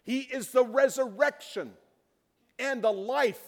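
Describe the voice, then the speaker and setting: A man preaching a sermon, retelling a story, dropping to a hush and then building to loud emphasis. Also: extremely high pitch, takes it slowly. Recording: reverberant hall.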